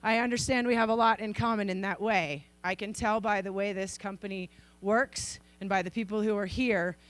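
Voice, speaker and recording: A woman in her forties from Idaho giving a conference keynote, telling stories in a lively way and acting out the people in them. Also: mid-range voice, normal speed, no echo. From Idaho, USA. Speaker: keynote speaker. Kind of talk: storytelling speech. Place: conference stage.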